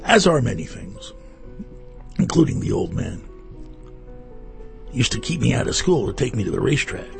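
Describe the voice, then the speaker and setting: Gravelly-voiced man rambling on air. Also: mid-range voice, sing-song, moderate pace, pauses often, faint music behind. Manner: rambling, wry storyteller. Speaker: radio host. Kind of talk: casual chat. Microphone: studio microphone.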